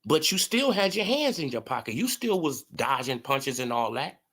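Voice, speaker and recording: This mid-range, fairly bright voice belongs to a man who is very animated and keeps a moderate pace. On his casual boxing commentary stream he mocks, curses, laughs often and responds to viewers in chat.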